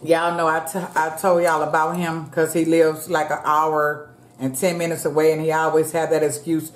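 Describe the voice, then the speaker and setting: A woman's voice: low voice, flat delivery, moderate pace. A middle-aged woman vlogging as she eats, chatting to viewers between bites and calling them y'all. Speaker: mukbang vlogger. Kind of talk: casual chat while eating. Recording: echoey room.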